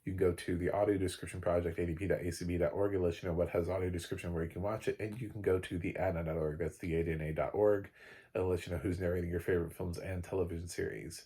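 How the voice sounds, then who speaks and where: A man's voice: low voice, fairly even intonation, rapid-fire, dark tone, slightly rough. A man giving a casual, rambling spoken film review, full of fillers, restarts and little laughs.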